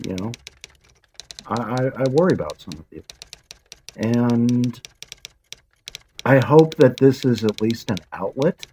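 This is a woman with an unusually deep, low voice hosting a channel in a loose, rambling monologue. She drifts from one aside to the next, pokes fun at herself and is blunt enough to swear now and then. Her tone stays casual and unpolished throughout. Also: a little mellow, slight background noise, poor audio. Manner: self-deprecating, wandering, frequent asides. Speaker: channel host.

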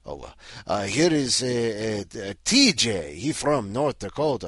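A man's voice: fairly low pitch, sing-song, unhurried, fairly bright tone, no room sound, studio quality. A man hosting in character as Count Dracula, rambling and joking with lots of fillers. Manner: rambling, jokey, full of fillers. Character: Count Dracula, male vampire host, rambling and punning. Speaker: host.

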